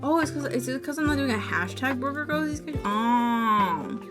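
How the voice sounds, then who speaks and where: A woman's voice: high voice, lively intonation, normal speed. Chatty streamer woman over music. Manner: chatty and rambling, reads on-screen text aloud. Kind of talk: casual live-stream chat. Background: music playing.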